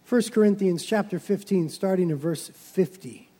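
High-voiced preacher in a big echoing hall. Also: male voice, moderate pace, breathy edge. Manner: builds to loud emphatic preaching, then drops low. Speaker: pastor. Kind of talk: sermon. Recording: long reverb of a large hall.

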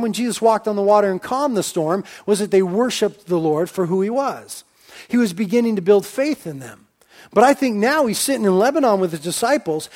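High-voiced male preacher. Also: darkish tone. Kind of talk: sermon.

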